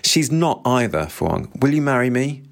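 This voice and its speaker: A man's voice: medium pitch, very animated, moderate pace, creaky, voice pushed up. A man voicing an earnest, naive young American man in a dramatized reading, eager and sincere.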